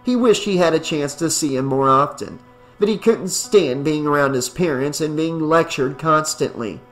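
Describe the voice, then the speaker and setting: Brief: male audiobook narrator, steady delivery, slightly raised pitch. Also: moderate pace, soft background music. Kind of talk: audiobook narration of horror fiction.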